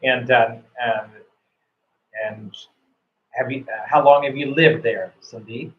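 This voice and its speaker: Speaking slowly in a mid-range voice with fairly even intonation, a man runs a mock speaking test while teaching English online. He's encouraging, full of fillers and restarts, and the recording is roomy, dull and lo-fi.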